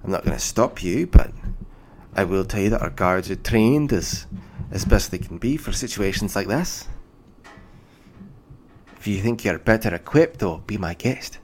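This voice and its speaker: Guy doing a weary old dwarf bureaucrat, wry and placating, lowish voice. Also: animated, moderate pace, a little mellow, a little hiss or hum. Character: older male dwarf official, weary and wry.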